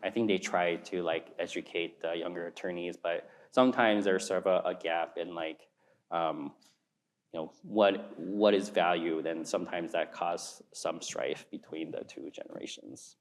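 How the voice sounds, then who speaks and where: A man in his forties, an alumni panelist, talking in a searching, halting way with many fillers. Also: low voice. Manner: searching, halting, heavy use of like and um. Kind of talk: casual panel talk.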